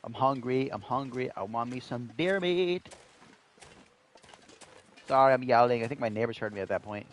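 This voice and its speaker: A man's voice: medium pitch, normal speed, pauses often. A man in his twenties giving joking live commentary while playing a survival game, talking to his chat. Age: 20s. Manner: animated, joking, talks to chat. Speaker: streamer.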